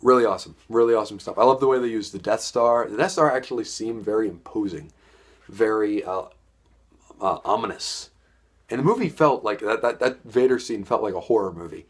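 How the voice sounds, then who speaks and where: Young man, film reviewer, excited, rambling, slightly low voice. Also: a little fast, slightly rough. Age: young adult. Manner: enthusiastic, rambling, repeats words. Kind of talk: casual spoken movie review.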